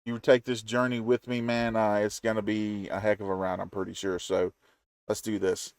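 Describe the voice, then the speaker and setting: A man's voice: on the low side, little pitch movement, moderate pace, clean tone, no echo, clean studio sound. A man from the Southern US, hosting a reaction video with chatty, folksy commentary in a Southern accent. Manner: chatty, folksy, playful asides.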